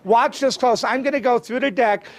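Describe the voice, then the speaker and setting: High-voiced joking stage magician. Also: male voice, normal speed. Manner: joking, teasing banter with a volunteer. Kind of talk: live comedy magic show. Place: live theater stage. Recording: live stage with loud crowd noise.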